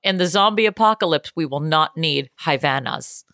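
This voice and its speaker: A woman co-hosting a podcast, joking and playful in easy chat. Her voice sits low but has a bright, forceful edge. The mic is close and dry, with no room sound. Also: expressive, no echo. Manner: joking, playful, bursts into a fast auctioneer voice. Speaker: podcast co-host. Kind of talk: casual chat.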